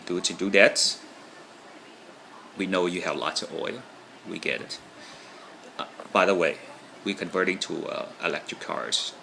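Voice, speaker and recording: A man's voice: low voice, gravelly, background noise. A man talking casually to camera in a rambling monologue, often checking in with "right?". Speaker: vlogger.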